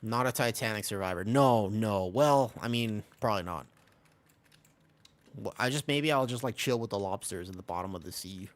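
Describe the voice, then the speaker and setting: This man's voice is fairly low, at a moderate pace, in a dry recording. He's in his twenties, streaming a game and casually telling a rambling story between callouts, with animated voices whenever he quotes someone.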